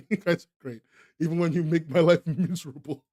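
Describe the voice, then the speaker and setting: A young man with a high, light voice, hosting a live stream and talking straight to his chat. He laughs often and throws himself into exaggerated, joking outrage. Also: a little fast, darkish tone.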